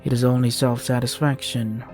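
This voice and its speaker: A man's voice: medium pitch, flat delivery, normal speed, a little mellow, soft background music, close to an everyday voice. A man reading as a smug, cruel sorceress. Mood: cold.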